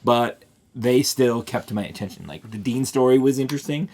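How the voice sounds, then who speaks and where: A man co-hosting a casual podcast about a TV show, talking in an animated way and acting out scenes. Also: mid-range voice, normal speed. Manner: animated, laughing, acts out scenes in quoted voices. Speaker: podcast co-host.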